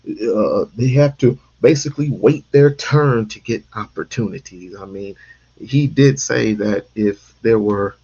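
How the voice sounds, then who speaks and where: A man hosts a casual commentary stream in a slow, deliberate delivery with a gravelly fry. He presses his points hard and repeats them for stress. His voice is husky, and the recording sounds dull and lo-fi. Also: fairly low pitch, darkish tone. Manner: emphatic, repeats himself for stress. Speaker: stream host.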